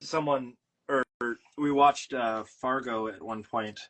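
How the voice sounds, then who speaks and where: Chatty Midwestern-raised man, mid-pitched. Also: takes it slowly, low-quality recording. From Midwest, USA. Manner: chatty, animated, filler-heavy. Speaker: podcast host. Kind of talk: casual podcast conversation.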